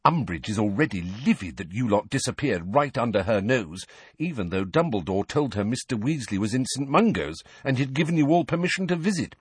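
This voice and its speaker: A man reading aloud and voicing a brisk, impatient teenage schoolgirl who lectures her friends in an audiobook. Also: medium pitch, big pitch swings, husky, no room sound. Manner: brisk, impatient, know-it-all.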